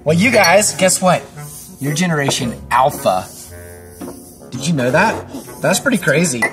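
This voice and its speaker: Over music, a woman with a low voice speaks at a measured pace yet sounds very animated. She's a kids pastor interviewing children for a church show, cheerful and supportive, playfully teasing, and chatty with frequent fillers and restarts.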